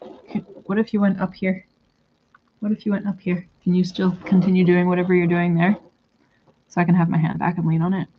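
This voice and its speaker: A woman's voice: on the low side, flat delivery, brisk, lo-fi sound, slight background noise. A woman talking to her pet bird in a casual vlog, coaxing it in a sing-song baby-talk voice, recorded at home. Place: home room by a window.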